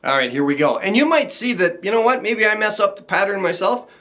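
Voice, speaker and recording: A man teaching a ukulele strumming lesson, talking to viewers in a relaxed, encouraging way. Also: high voice, fairly quick. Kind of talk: casual instructional talk. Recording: ukulele playing behind voice.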